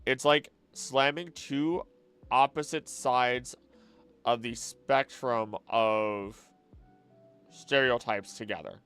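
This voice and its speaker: A man's voice: medium pitch, slow pace, fairly bright tone, clear, resonant tone. A young man from the American South, streaming a casual late-night chat and reading chat messages aloud, rambling and correcting himself as he goes. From Southern United States. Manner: rambling, self-correcting, mutters while reading. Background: faint background music and keyboard typing.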